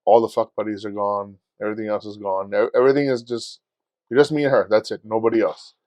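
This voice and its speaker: Profane, animated man telling stories. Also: on the low side, fast talker, no echo. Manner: profane, animated storytelling with shouted re-enactments. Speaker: podcast co-host. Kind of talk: casual chat.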